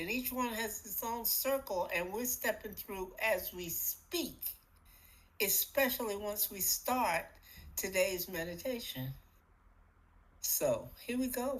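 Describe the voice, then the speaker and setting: A middle-aged woman co-hosts a podcast, chatting casually about spiritual matters in a mid-range voice. She's animated and playful, acting out little voices, and the recording is rough.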